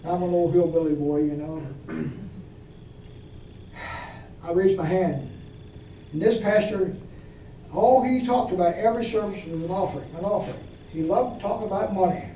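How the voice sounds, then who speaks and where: Male preacher, high mellow voice, folksy testimony, recorded from a distance in an echoey church. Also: normal speed, long pauses. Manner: folksy testimony with audience questions. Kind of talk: storytelling sermon. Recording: echoey room from far off, faint noise.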